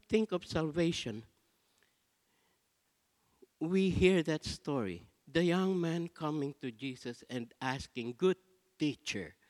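A man preaching a sermon as pastor, slow and dramatic, with big swings between soft and loud. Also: medium pitch. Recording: long reverb of a large hall.

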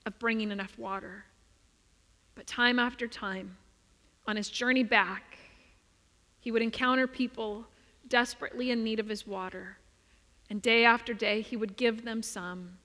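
A woman preacher tells a story in her sermon, expressive, often letting her voice drop soft for emphasis. Her voice is bright and a bit high. It rings out with the long reverb of a large church.

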